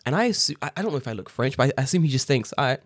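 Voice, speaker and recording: A man from England chatting casually, telling animated stories full of swearing. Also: mid-range voice, very fast, no room sound, clean studio sound. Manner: swearing, animated storytelling with laughs. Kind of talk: casual chat. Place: living in Japan.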